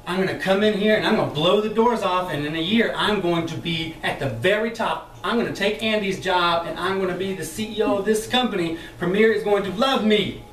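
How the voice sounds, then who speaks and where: A chatty, animated sales trainer gives a training talk to a live group of trainees in a meeting room, laughing and putting on voices for the people he quotes. His voice is a little high for a man, fairly quick with hardly any pauses. The recording is echoey, with the mic far off and a little hiss or hum.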